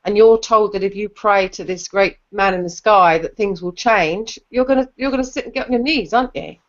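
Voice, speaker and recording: A woman with a London accent moderating a casual online debate, blunt and opinionated, quick to set people straight. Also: medium pitch, highs cut off. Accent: London English. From London, England. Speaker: discussion moderator.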